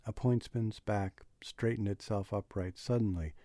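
A man reading a literary novel aloud as an audiobook, in a slow, measured, unhurried way, close to the mic. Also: fairly low pitch, fairly even intonation, mellow, dry recording. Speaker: audiobook reader.

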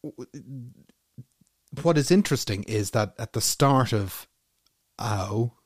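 A man's voice: medium pitch, expressive, slow pace, no echo, clean studio sound. A man co-hosting a podcast, chatting casually and musing his way wryly through his points. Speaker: podcast co-host. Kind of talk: casual chat.

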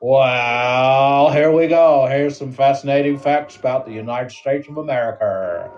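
A man's voice: mid-range voice, little pitch movement, slow, far from the mic, lo-fi sound, close to an everyday voice. A man hamming up a chipper American presenter. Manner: hammy, overly chipper, says "say". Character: eager folksy American presenter Bob, adult man.

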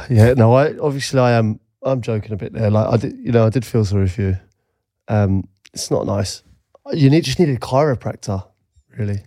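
Easygoing joking man with a mellow voice. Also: fairly low pitch, moderate pace, dry recording, studio quality. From England. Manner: easygoing, joking, laughs often. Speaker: podcast co-host. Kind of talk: casual chat.

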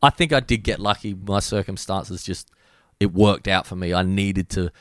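An Australian man speaking as a guest DJ in a casual podcast interview, relaxed and slangy, swearing freely. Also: low voice, normal speed, no echo, studio quality. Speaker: guest DJ and producer.

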